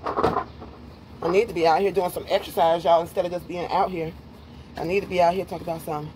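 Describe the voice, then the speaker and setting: A woman vlogging casually from her patio and home, chatty and quick to laugh at her own jokes, her voice slightly rough. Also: fairly low pitch, fairly even intonation, background noise. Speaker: lifestyle vlogger. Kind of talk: casual vlog chat to viewers. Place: home patio then indoors.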